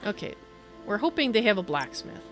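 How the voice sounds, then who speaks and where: Chatty lady gamer commentating, mid pitch, faint music in back. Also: sing-song, brisk, fairly bright tone. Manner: chatty, apologetic, reads chat aloud. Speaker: livestreamer. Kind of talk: casual gameplay commentary.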